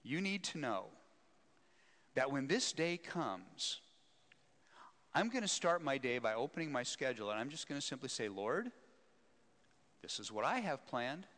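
A man voicing a warm, gregarious woman who runs a foundation, effusive and apologetic, in an echoey hall. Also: medium pitch, very animated, a little slow, pauses often. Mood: earnest.

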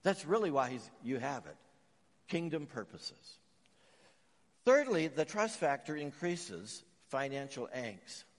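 A man's voice: medium pitch, big pitch swings, takes it slowly, in a large hall. A man from Canada preaching a sermon, telling stories and raising emphatic questions as he teaches. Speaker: pastor.

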